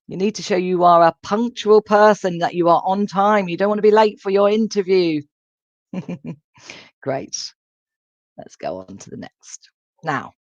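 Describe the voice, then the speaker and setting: Woman, online English teacher; clear, repetitive drilling delivery; dry, slightly muffled webcast sound. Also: lowish voice, no echo. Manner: clear teacherly, repeats and drills phrases for learners. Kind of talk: live online language class. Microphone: computer microphone in a live online lesson. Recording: dull, dry lo-fi stream audio.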